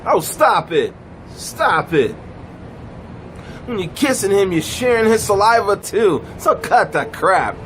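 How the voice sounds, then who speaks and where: A man giving a blunt comic rant to camera, animated and emphatic, sitting in a car. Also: a little hiss or hum, poor audio. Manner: animated, swooping pitch, drawn-out emphatic phrases. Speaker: vlogger.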